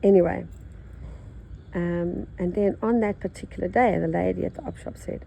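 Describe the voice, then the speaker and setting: A nasal older woman with an Australian accent chats as she works on her embroidery, thinking aloud and drifting between topics. Her voice sits low and warm, with a gravelly edge. A faint hiss runs under it. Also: fairly even intonation, moderate pace, poor audio. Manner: rambling, chatty, thinks aloud. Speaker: embroidery teacher. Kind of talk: casual chat while stitching.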